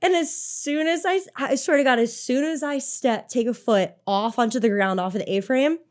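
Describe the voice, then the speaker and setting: A young adult woman, a racer and coach, telling an animated race story in casual podcast chat, swearing freely and saying "like" a lot. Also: high-pitched, normal speed. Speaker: obstacle course racer and coach.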